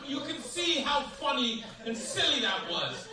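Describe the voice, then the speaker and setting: A man performing a stand-up comedy set on stage, animated, acting out voices and shouting his punchlines. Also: very high-pitched, normal speed, hardly any pauses, distant mic, a loud crowd. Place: large hotel ballroom, stage. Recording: loud echoey ballroom, heavy noise.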